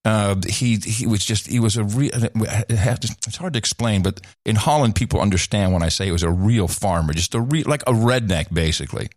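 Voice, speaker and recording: A middle-aged man, a podcast host who formerly hosted radio and TV, tells a story in casual chat. His voice is on the low side at a moderate pace with hardly any pauses, recorded in studio quality with no echo. He rambles, often restarts sentences, and laughs now and then.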